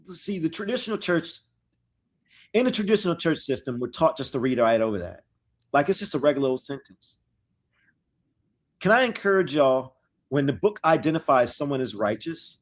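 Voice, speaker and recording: A man leading a live Bible study, his pitch swinging widely as he reads. He takes the verses at an unhurried, deliberate pace. He builds up the reading dramatically, then falls back into loose, slangy comments. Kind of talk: reading scripture aloud with casual commentary. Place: live online stream.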